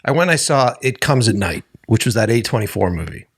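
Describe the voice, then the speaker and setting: A man's voice: medium pitch, a little fast, husky. A man hosting a podcast, telling stories casually with lots of swearing and frequent laughter. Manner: animated, profane, laughs while telling stories. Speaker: podcast host. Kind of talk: casual conversation.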